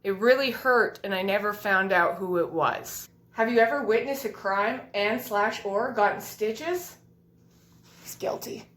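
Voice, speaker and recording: A young woman delivering a deadpan comedy monologue of absurd one-liners, recorded on a household item used as a mic. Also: medium pitch, measured pace, hardly any pauses, reverberant.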